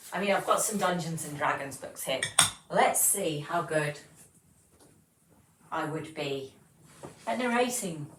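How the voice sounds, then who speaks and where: A woman's voice: sits low, reverberant, far from the mic, poor audio. A woman, hosting a casual livestream and chatting as she reads viewer comments aloud. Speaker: livestream host.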